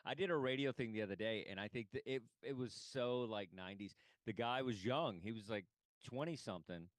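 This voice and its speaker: Low-voiced man, dry close sound. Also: a little fast, no echo. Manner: wanders off on tangents, interjects often. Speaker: comedian podcast co-host. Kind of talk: casual chat.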